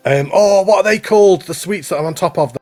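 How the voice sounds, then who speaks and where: A man co-hosting a relaxed showcase of contest entries, chatting upbeat and praising each one. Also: high voice, fairly quick. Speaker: co-host. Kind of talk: casual chat commentary on contest entries.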